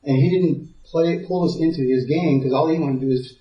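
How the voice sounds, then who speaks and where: A man's voice: medium pitch, normal speed. A man teaching a parenting seminar to a live audience, telling stories, repeating words as he thinks and checking in with the listeners. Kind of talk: conversational teaching talk. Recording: dull, roomy sound from far off.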